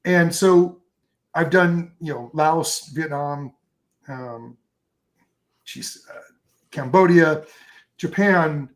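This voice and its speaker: A man in a relaxed interview, rambling happily through his stories with plenty of ums and restarts. His voice sits on the higher side for a man. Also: very slow, long pauses. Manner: enthusiastic, rambling storyteller with many fillers. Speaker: photographer guest. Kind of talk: casual interview chat.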